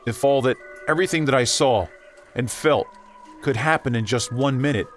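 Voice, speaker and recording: A man reading a horror story aloud as narrator, emotive and shifting between tense and hushed tones. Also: mid-range voice, moderate pace. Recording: music bed under the voice. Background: background music.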